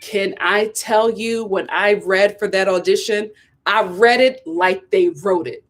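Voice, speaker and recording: A woman's voice: medium pitch, unhurried, soft background music. A woman hosting her own vlog, chatting casually and emphatically as she tells a story and acts out the voices of other people. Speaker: vlog host and actress. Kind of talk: casual opinion chat.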